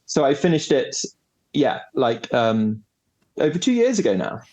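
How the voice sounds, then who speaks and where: A young man from England, chatting as a podcast guest, animated and hesitant with plenty of fillers. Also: medium pitch, unhurried. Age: young adult. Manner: animated, hesitant with fillers, playful sound effects. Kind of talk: casual interview chat.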